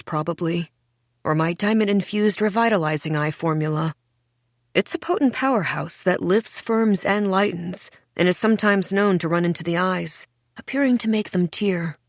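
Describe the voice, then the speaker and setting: Low-voiced woman narrating an audiobook. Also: no echo, studio quality. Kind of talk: first-person literary narration.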